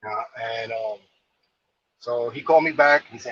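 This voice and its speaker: A man's voice: mid-range voice, moderate pace, pauses often, fairly bright tone, slightly rough, lo-fi sound. A man from New York casually telling a long, rambling story, full of fillers and repeated phrases.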